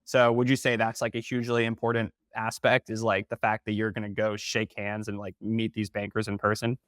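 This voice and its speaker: A man from North Carolina with a Southern accent, hosting a podcast in casual interview chat and telling stories with lively asides. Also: on the low side, a little fast, no echo, studio quality. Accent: Southern American. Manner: animated storyteller who acts out quoted voices; restarts and fillers, conversational. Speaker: podcast host.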